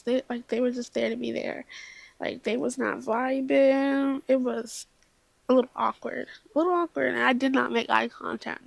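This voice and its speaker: Young female vlogger, tipsy casual storyteller, self-deprecating, high voice, dry close sound. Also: gravelly, no echo. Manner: rambling, self-deprecating, with laughs and asides; tipsy, slips into whispers.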